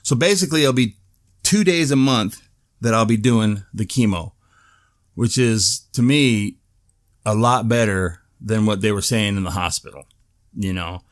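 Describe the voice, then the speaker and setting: A man's voice: lowish voice, measured pace. A man hosting his own show, giving a casual spoken update and telling a story with lots of swearing and laughter. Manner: animated storytelling, swears freely, laughs often. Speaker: show host. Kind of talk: casual video update monologue.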